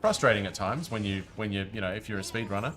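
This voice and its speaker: A man's voice: on the low side, expressive, quick pace, fairly bright tone, a little hiss or hum. A man streaming a game, chatting casually with his viewers while he plays. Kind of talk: casual live-stream commentary.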